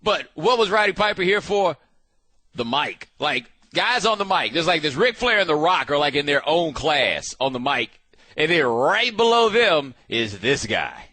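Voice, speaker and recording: A man hosting a sports talk show, riffing in a casual, animated way with frequent restarts. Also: on the high side, normal speed, no room sound.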